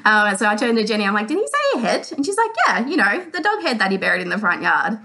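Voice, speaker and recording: An Australian woman calling in to a show, telling a story in a casual, animated way and acting out the other people's voices. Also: mid-range voice, quick pace, slight background noise. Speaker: caller.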